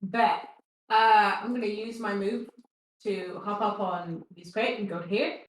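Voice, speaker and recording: A woman's voice: medium pitch, fairly even intonation, unhurried, echoey room, slight background noise, rough recording. A woman playing a tabletop game, talking casually and swearing freely. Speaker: player.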